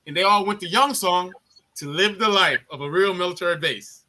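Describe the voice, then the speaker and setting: A man with a high, bright, forceful voice tells war-era army stories in a loose, profane chat style. He jumps into other people's voices as he goes, animated and blunt. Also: brisk. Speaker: army veteran telling a story. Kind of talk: casual storytelling on a live chat.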